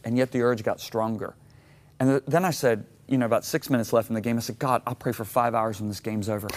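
A middle-aged man from Michigan, telling a personal story as a guest on an interview show, animated and acting out his own reactions. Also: mid-range voice, fast. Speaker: guest author.

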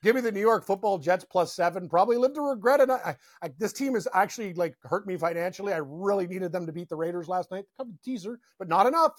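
A man co-hosting a casual sports betting chat, excitable, laughing often and ranting in quick bursts. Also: sits high, dry recording, studio quality. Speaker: co-host.

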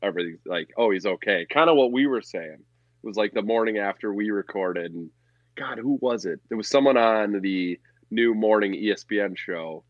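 A man with a lowish voice, co-hosting a sports podcast, rants bluntly and swears freely about his team and his betting picks. The recording sounds dry and a little dull, with no room around the voice. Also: normal speed, no echo. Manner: blunt, profane, ranting. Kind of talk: casual chat.

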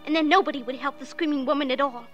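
A woman's voice: high voice, quick pace, fairly bright tone, highs cut off, faint music behind. A woman playing a determined, earnest little girl in a 1940s radio drama. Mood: forlorn.

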